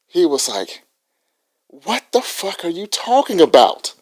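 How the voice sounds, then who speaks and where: Podcast guy retelling stuff, cussing a lot, slightly high voice. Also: a little slow, husky. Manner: animated retelling, profane. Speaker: podcast co-host. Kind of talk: casual podcast banter.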